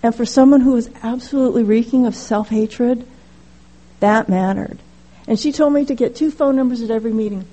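A middle-aged woman with a high voice shares her recovery story at a meeting. She talks candidly and haltingly, often restarting sentences and adding "you know". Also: mellow, poor audio. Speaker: speaker sharing at a recovery meeting.

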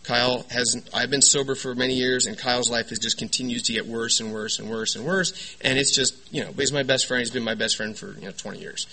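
A man from California giving a lively personal testimony to a recovery meeting, joking with the room and asking "right?" often. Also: medium pitch, a little fast, few pauses, rough recording. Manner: animated, joking storyteller with lots of "right?" and "you know".

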